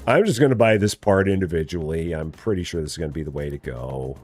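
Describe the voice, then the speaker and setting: A man streaming a game live, chatting casually and often muttering quietly to himself as he works. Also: low voice, fast talker. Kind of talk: casual live gameplay commentary.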